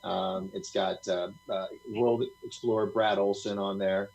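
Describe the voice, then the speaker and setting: There's a gravelly, low-set voice here, a man rambling through stories as a guest on a live stream. His tone is husky and breathy, and he laughs often and acts out other people's lines as he talks. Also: flat delivery, unhurried, a little mellow, poor audio. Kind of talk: casual storytelling on a live talk stream.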